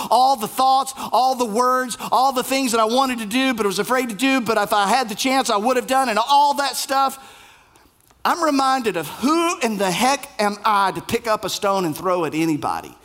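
A man preaching a sermon, with emphatic repetition and sudden drops to a hushed voice. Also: sits high. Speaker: pastor.

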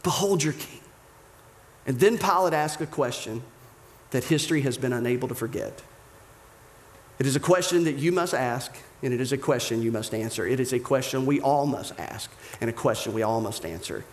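Dramatic preacher with a lively voice. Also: male voice, medium pitch. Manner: dramatic storytelling, slows and drops to near whispers. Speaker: pastor. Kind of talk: sermon.

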